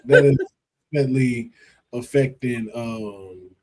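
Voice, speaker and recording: A man's voice: mid-range voice, measured pace. A man hosting a podcast, chatting casually and often trailing off and restarting. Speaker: podcast host. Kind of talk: casual wrestling chat.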